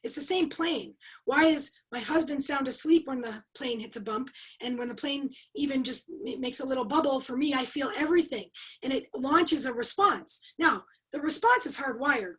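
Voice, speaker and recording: A middle-aged woman with a high, slightly husky voice teaches over a video call. She talks in an emphatic, animated way, firing rhetorical questions at her webinar audience. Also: moderate pace, poor audio. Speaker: leadership coach and trainer.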